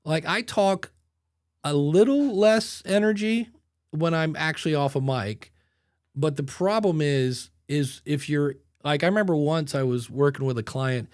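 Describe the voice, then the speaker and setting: A man hosting a podcast in casual chat, animated and talking into a mic with headphones, sometimes acting out voices. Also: on the high side, measured pace, no echo, studio quality. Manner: animated, demonstrates voices with sudden loud bursts. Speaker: podcast host. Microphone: studio mic with headphones.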